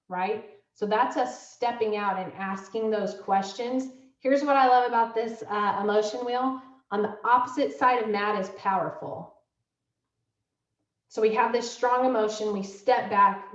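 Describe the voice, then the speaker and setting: A woman's voice: fairly high pitch, normal speed, dull audio. Middle-aged woman, distant roomy laptop sound. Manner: conversational, filler-heavy, acts out parent-child dialogue. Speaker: school counseling director. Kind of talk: online parent workshop presentation.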